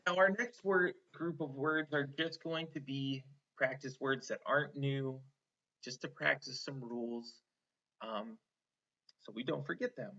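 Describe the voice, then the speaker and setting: A man teaching an online phonics lesson to children, slow and encouraging, stretching out each sound. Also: mid-range voice, bright, forceful tone. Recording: slightly dull lo-fi online lesson audio.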